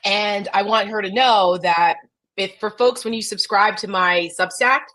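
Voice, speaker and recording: Woman co-host, blunt and profane, mid-pitched, animated delivery on a video call. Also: a little slow, rough recording. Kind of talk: casual political chat.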